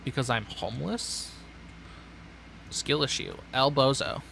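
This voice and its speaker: A man's voice: mid-range voice, expressive, measured pace, vocal fry, sharp tone, slight background noise. A young man streaming a building game, rambling sardonically and talking to himself. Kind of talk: casual gameplay chatter.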